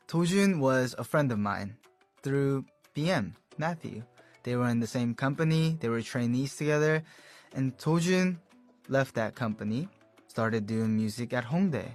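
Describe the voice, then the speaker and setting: A young man recounting his band's beginnings in a relaxed, chatty storytelling manner, laughing now and then. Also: medium pitch. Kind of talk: casual storytelling.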